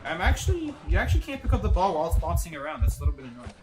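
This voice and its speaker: A man's voice: on the high side, big pitch swings, rapid-fire, music in the background. A man streaming a game live, commenting on his play and joking with chat, laughing often from a basement room.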